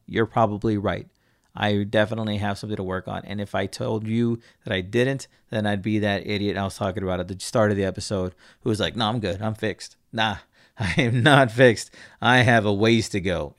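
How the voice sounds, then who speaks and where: A man's voice: on the low side, gravelly, no echo, studio quality. A man hosting a podcast, giving an earnest, profane motivational monologue to his listeners. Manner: profane, earnest pep talk. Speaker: podcast host.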